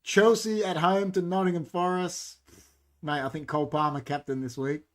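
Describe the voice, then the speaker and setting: A young Australian man co-hosting a casual football chat on a livestream, animated and quick to jump in, reading out viewer comments. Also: a little high. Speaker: podcast co-host.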